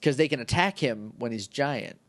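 A man's voice: medium pitch, animated, normal speed, a bit bright, no room sound. A man co-hosting a podcast, chatting casually and joking as he rambles through a recap. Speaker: podcast co-host. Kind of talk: casual chat.

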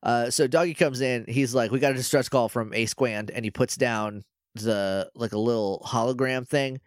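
A man co-hosting a podcast, casually recapping a TV episode, rambling and quoting characters in quick bits. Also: medium pitch, no echo, clean studio sound. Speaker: podcast co-host.

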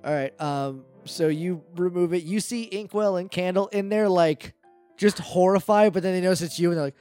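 A man's voice: sits high, normal speed, a little mellow, clear, resonant tone, faint music behind. A man narrating as game master of a tabletop role-playing podcast, loose and chatty with lots of fillers.

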